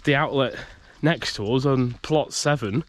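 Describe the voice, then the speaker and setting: A man's voice: mid-range voice, measured pace. Chatty man vlogging outdoors, a bit bunged up. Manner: chatty, rambling, restarts and laughs. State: bunged up from a cold. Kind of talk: casual vlog, walking outdoors. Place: outdoors on a rural campsite by a loch.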